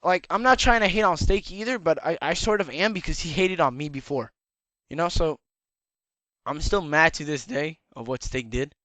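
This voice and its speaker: A man's voice: on the high side, moderate pace, pushed and bright, no echo. A man giving rambling casual commentary in a lecturing tone, his slightly worn voice cracking now and then. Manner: rambling and lecturing, keeps tagging "all right?". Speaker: YouTube commentator.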